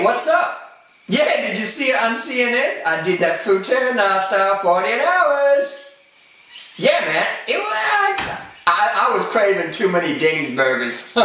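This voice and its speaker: A man's voice: a little high, pushed and bright. A man putting on a parody impression of a crude male Hollywood actor who rambles profanely about craving drugs. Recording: echoey room, far from the mic.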